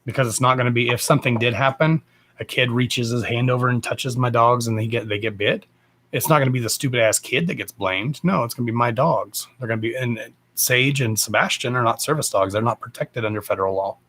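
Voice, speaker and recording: A man's voice: mid-range voice, a little fast, fairly bright tone. A man hosting a livestream, talking in a blunt, rambling way and swearing freely. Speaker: psychic medium livestream host. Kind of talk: casual rambling live chat.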